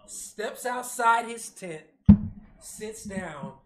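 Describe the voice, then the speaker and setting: A man co-hosting a casual show, recapping a movie with animated storytelling, acting out the characters and swearing freely. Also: high voice, extremely slow, faint music behind. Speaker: podcast co-host. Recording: echoey room with faint hum.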